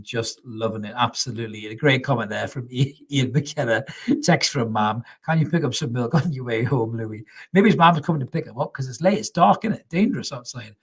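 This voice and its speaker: A man's voice: medium pitch, fairly bright tone, slightly rough. A middle-aged man hosting a fan live stream, casually reading out chat comments, swearing freely and repeating himself for emphasis.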